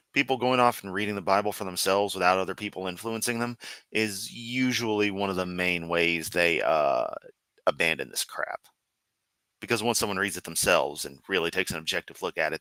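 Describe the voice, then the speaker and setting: A man's voice: deep voice, normal speed, bright, forceful tone, no echo, low-quality recording. A man hosting a live stream, commenting casually and sarcastically with frequent uh and um. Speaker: streamer host.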